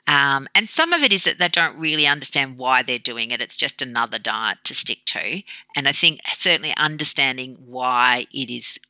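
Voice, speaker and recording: Woman with a very bright, forceful voice. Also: very deep voice, normal speed, no room sound, rough recording. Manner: animated, acts out quoted dialogue. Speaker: podcast guest. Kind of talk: conversational interview.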